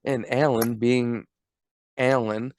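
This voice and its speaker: A man's voice: mid-range voice, little pitch movement, slow pace, darkish tone, slight background noise. Joking young man co-hosting a podcast. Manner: joking, sarcastic, swears. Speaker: podcast co-host. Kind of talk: casual movie recap chat.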